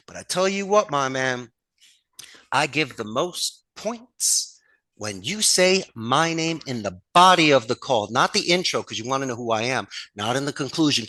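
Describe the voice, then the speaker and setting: A man's voice: fairly high pitch, sharp tone, no room sound. A man from Philadelphia, a call center owner, talking in an interview. He speaks emphatically, acts out phone calls and his own lines, and laughs often as he tells stories. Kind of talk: animated interview talk.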